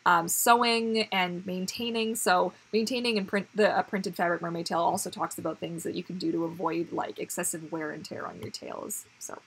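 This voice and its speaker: Woman streamer, casual chat to viewers, husky and breathy, chatty with frequent restarts. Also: fairly low pitch, steady tone, normal speed, few pauses. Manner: chatty, rambling, many fillers and restarts, laughs often. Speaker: livestream host. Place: home.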